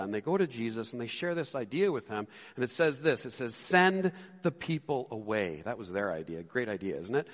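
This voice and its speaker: A man preaching a sermon as a pastor, animated and acting out the disciples' lines. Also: mid-range voice, in a large hall.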